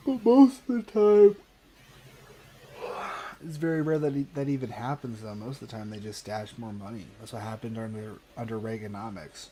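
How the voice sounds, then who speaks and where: A man's voice: lowish voice, steady tone, quick pace, hardly any pauses, mellow. A man in a voice chat questions the other side hesitantly, often restarting as he asks for clarification. A faint noise hum sits under his voice on the call. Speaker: participant in a voice chat debate. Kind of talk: casual political debate on a voice chat.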